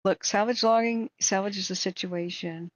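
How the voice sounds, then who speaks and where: A hoarse woman hosting a wildfire tracking livestream, ranting in angry, exasperated commentary. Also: medium pitch, fairly even intonation, moderate pace, no room sound, poor audio.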